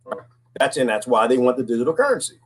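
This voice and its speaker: A man's voice: medium pitch, sing-song, fast, a little hiss or hum, rough recording. A man talking alone in a casual, preachy monologue, often asking "right?" and repeating words. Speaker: commentary host.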